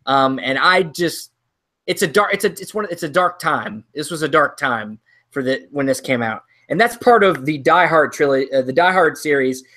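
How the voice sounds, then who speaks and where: A man's voice: fairly high pitch, lively intonation, normal speed, sharp tone. A man co-hosting a casual movie talk show, rambling and ranting with lots of ums and restarts. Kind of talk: casual chat.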